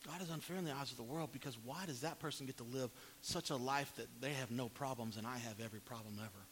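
Man preaching in a reverberant hall. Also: fast. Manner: dramatic, swings from pleading loud to quiet and low. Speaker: pastor. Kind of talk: sermon. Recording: long hall reverb, faint hiss.

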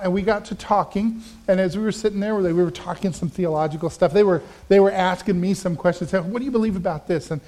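A man with a notably high voice preaches to his congregation in a chatty, storytelling way. He leans hard into some phrases and then drops to quiet asides. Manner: conversational, swings between loud emphasis and quiet asides. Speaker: pastor. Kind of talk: sermon with personal stories.

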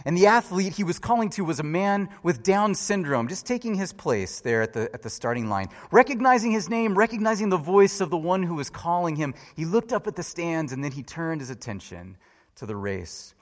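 Lively preacher man in a reverberant hall. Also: fairly quick. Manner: storytelling, swinging from loud lively peaks to hushed low lines. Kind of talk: sermon.

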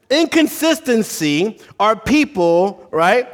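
Male pastor, higher-pitched, animated sermon delivery with acted-out story voices. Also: a little slow. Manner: animated, acts out voices in a story, laughs at own jokes.

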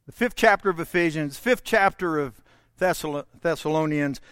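A man preaching a sermon, folksy and direct with his congregation, swinging between loud proclaiming and hushed, intimate stretches. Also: on the high side, normal speed, clear, resonant tone, no echo, studio quality. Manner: folksy, talks straight to the congregation. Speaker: pastor.

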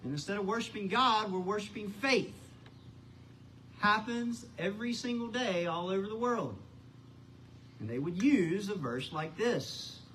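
A man's voice: high voice, lively intonation, unhurried, sharp tone, a little hiss or hum, low-quality recording. A man preaching a sermon as pastor, building up to big emphatic lines on key words. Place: church.

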